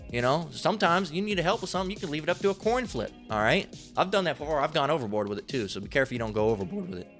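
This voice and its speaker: A man's voice: a little high, sing-song, rapid-fire, few pauses, a bit bright, faint music behind. A man giving a casual Bible lesson in a rambling, slangy way, swearing freely. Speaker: lay Bible teacher.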